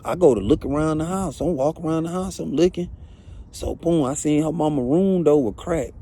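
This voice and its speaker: A man's voice: fairly high pitch, fairly quick, mellow. A man telling a first-hand story in blunt, profane, casual talk, often asking "you know what I'm saying". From Atlanta.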